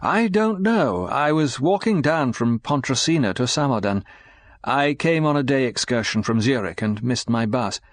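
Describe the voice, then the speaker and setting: A man's voice: medium pitch, lively intonation, normal speed, dry recording, voice pushed up, close to an everyday voice. A man reading an audiobook, voicing a weary, battered British secret agent who speaks in a tired, understated way. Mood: dazed.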